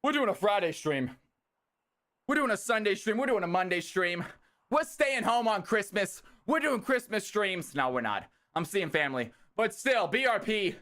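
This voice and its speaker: Hyped high-voiced male streamer. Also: normal speed. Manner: energetic, hyped, talks straight to chat. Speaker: streamer hosting community game nights. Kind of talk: live-stream game commentary.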